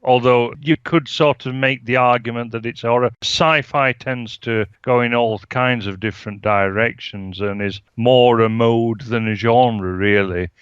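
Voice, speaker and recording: A man with a Yorkshire accent, co-hosting a casual film review chat in a measured, musing way. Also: medium pitch, fairly even intonation, smooth, no room sound. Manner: measured, musing, drawn-out phrasing. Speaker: podcast co-host, film reviewer. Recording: slightly dull lo-fi sound.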